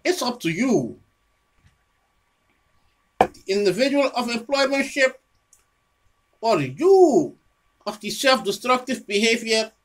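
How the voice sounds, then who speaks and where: Presenting their own research in a home video, this person rambles through an unscripted monologue, often repeating words, restarting phrases, and scolding an imagined listener. The medium-pitched voice is very animated but slow, with frequent pauses and slight background noise.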